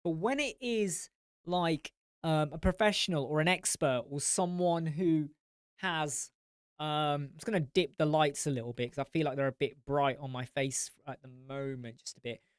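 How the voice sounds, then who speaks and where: A man with an English accent that mixes northern and southern, hosting a live stream chat and answering viewer comments in a blunt, animated way that swears freely. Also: fairly high pitch, moderate pace, clean tone, no echo, studio quality. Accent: English, mix of northern and southern.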